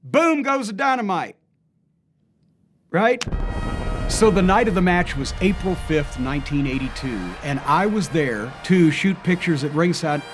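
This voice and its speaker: Animated older man telling a story. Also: high voice, measured pace, music in the background. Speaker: wrestling historian. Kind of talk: storytelling interview.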